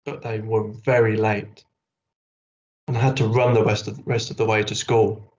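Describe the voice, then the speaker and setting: A man reading a children's story aloud at a school assembly, slow and expressive. The sound is roomy and echoey, and a little dull, as if caught in a hall. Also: on the low side. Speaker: teacher leading assembly.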